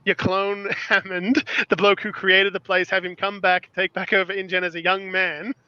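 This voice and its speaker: An excitable man with a high, bright voice talks in a rambling way and laughs often as a podcast guest. His voice has a bright edge. The sound is dull and lo-fi, with a dry, close feel. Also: moderate pace, clear, resonant tone, dry recording. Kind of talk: casual chat.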